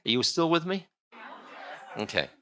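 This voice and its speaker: A man's voice: fairly high pitch, sing-song, normal speed, bright, forceful tone, some chatter behind. A man, a spiritual teacher, giving a storytelling lecture in a casual, meandering way with chuckling asides.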